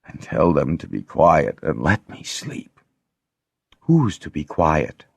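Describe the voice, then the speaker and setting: A man's voice: extremely low pitch, very animated, takes it slowly, vocal fry, slightly rough, no echo, heavily acted. A man doing a faint, dying old harper. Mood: weary. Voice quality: faint, weak voice. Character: old male harper, weak, dying, wry.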